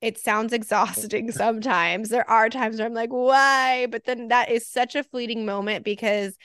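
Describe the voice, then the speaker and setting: A woman's voice: fairly high pitch, fairly even intonation, moderate pace, fairly bright tone, no room sound, studio quality. A woman in her thirties, a podcast co-host, talking earnestly in casual chat and acting out her own inner thoughts.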